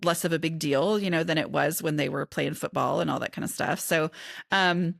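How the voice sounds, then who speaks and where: A woman's voice: sits low, a little fast, gravelly, no echo, clean studio sound. A middle-aged woman, an author and podcast guest, talking in a chatty, candid way and often interrupting herself. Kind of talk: casual conversation.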